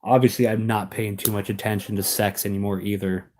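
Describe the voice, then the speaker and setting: A man's voice: lowish voice, flat delivery, fairly quick, a little mellow, slight background noise. A young adult American man chatting casually on a live stream, rambling, laughing often and restarting his sentences.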